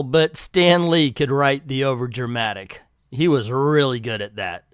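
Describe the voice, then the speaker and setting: A man's voice: medium pitch, a little slow, few pauses, clear, resonant tone, dry recording, clean studio sound. A man reading an old comic aloud and breaking off for sarcastic, crude asides. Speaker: comic book reviewer. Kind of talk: comic reading with jokey commentary.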